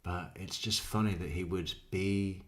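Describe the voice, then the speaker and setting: A man's voice: low-pitched, fairly even intonation, unhurried. A man giving sardonic true crime commentary, laughing often at what he plays. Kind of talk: casual commentary.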